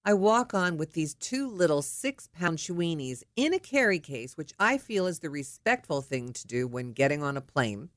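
A middle-aged woman telling a personal story in a lively, indignant way. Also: deep voice, moderate pace, hardly any pauses, no echo, clean studio sound. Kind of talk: personal anecdote.

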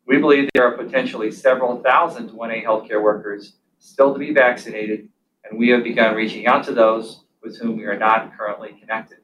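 A man giving a prepared public health statement in a flat, measured reading. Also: mid-range voice, muffled recording, a little hiss or hum. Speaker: county official.

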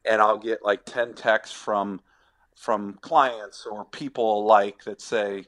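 A middle-aged former ballplayer, now a sports agent, answering podcast questions in a halting, reflective way with many restarts. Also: male voice, lowish voice, steady tone, fairly bright tone.

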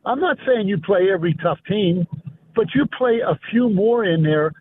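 A man's voice: high voice, animated, normal speed. A man calling in to a sports radio show, arguing insistently and repeating his points. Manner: insistent, argumentative, repeats himself. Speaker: caller. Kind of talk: call-in radio argument. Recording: tinny phone line with faint noise.

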